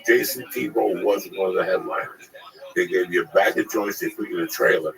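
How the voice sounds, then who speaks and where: A male comedian telling crude, animated stories in casual chat, acting out the people in them. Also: sits low, fairly quick, creaky, rough recording.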